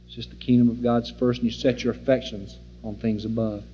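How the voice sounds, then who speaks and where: A man teaching an informal sermon, folksy and animated, acting out the scenes he describes. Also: mid-range voice, fairly quick, faint music behind. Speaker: Bible teacher. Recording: dull lo-fi recording in a reverberant hall.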